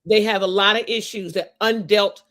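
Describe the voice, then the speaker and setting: A woman hosting a livestream interview over a video call, animated and plain spoken, often chiming in to agree. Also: medium pitch, moderate pace. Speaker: livestream talk show host. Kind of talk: casual interview chat.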